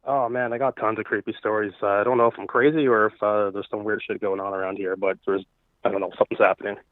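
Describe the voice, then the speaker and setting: A nervous caller, a man in his thirties from Florida, tells his ghost story haltingly, with many fillers. His voice sits fairly low and comes through a thin, tinny phone line. The sound is dry and close. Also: level tone, no echo.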